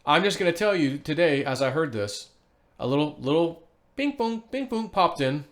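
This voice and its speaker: A man's voice: on the high side, normal speed. A man hosting a casual solo video, reading online posts aloud and rambling through them with loose fillers and the odd chuckle. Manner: rambling, animated, laughs to himself, frequent fillers. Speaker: vlogger.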